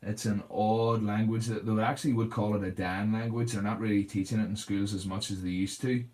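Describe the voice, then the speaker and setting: A man's voice: on the low side, fairly even intonation, a little fast, darkish tone. A man hosting a casual livestream, chatting and answering viewers' comments while he paints a model.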